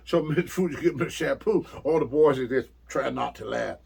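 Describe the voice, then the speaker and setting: Here the older ex-wrestler is brisk and gravelly, mid-range in pitch, with few pauses and a darkish tone, and slight background noise is present. He's chatting through casual anecdotes in an interview, rambling, laughing a lot and acting out quotes.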